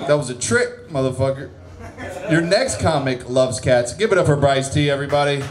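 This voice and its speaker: A man's voice: mid-range voice, very animated, moderate pace. Rambling, swearing male open-mic host. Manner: rambling, swearing, correcting himself. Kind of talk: casual stage banter. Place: comedy venue stage.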